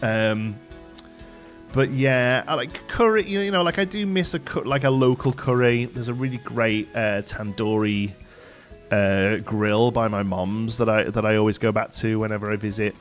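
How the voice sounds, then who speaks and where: A man's voice: on the low side, moderate pace, soft background music. A man, chatting casually and rambling as he streams a game and answers chat. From England, Staffordshire. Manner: rambling, chatty, many fillers and restarts. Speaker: live streamer. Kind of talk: casual chat while gaming, reading chat aloud.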